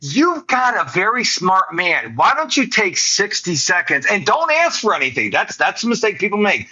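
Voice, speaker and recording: A man's voice: high-pitched, very animated, moderate pace, few pauses, pushed and bright, breathy edge, highs cut off. A man hosting a podcast interview, talking earnestly about serving others in casual chat. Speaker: podcast host.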